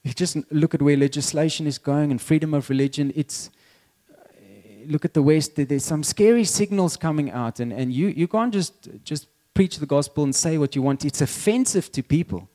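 A middle-aged pastor preaches from the pulpit at a normal pace, keeping his sermon loose and conversational. His voice is slightly high for a man but still mellow and dark, and he trips over repeated words and gives little laughs.

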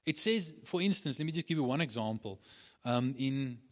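Guy preaching a sermon, repeats his points a lot, lots of ums and restarts, normal mid pitch. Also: lively intonation, moderate pace. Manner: emphatic repetition, frequent restarts and fillers. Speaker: pastor.

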